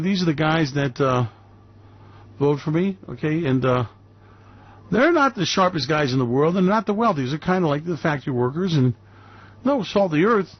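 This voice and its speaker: A man hosting a market commentary radio show, talking in a loud, brash, sarcastic way and mocking people with put-on voices. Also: on the high side. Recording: dry, slightly dull lo-fi recording.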